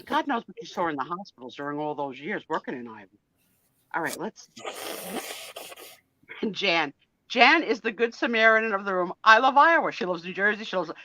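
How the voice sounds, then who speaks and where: A woman hosting a casual live chat, animated and laughing, given to dramatic outbursts. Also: mid-range voice, brisk, long pauses, dry recording, highs cut off. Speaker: host.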